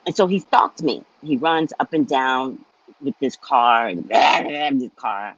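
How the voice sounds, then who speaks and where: A woman hosting a psychic live stream, telling a casual, chatty story in an animated way with frequent laughs and repeated words. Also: very deep voice, slow pace, lo-fi sound, a little hiss or hum.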